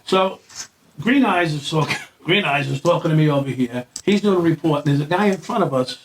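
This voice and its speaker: A man's voice: fairly high pitch, brisk, distant mic. A man telling a long story in casual chat, acting out quoted lines, swearing and laughing as he goes. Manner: acts out quoted lines in a raised voice. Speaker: guest.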